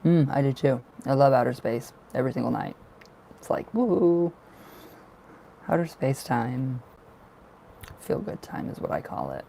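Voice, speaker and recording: Gravelly-voiced man chatting on a livestream. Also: medium pitch, sing-song, a little slow, long pauses, warm tone, slight background noise, poor audio. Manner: chatty, laughs often, talks about occult practice. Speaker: livestream tarot reader. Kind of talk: casual livestream chat.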